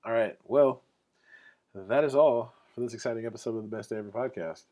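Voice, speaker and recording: A man hosts his own podcast solo, talking casually in a brisk, warm, medium-pitched voice. His talk is loose, rambling and profane, packed with "like" fillers.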